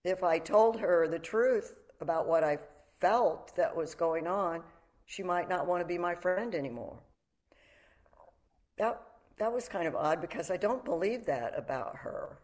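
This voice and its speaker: A woman's voice: lowish voice, measured pace, darkish tone. A middle-aged woman giving a meditation talk, reflective and candid, mixing teaching with personal stories. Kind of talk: dharma talk.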